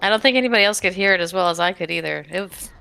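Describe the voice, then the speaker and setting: Playful woman, bright voice, gaming chat. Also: on the low side, rapid-fire, creaky, clean tone, rough recording. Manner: playful, teasing banter. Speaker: streamer and group player.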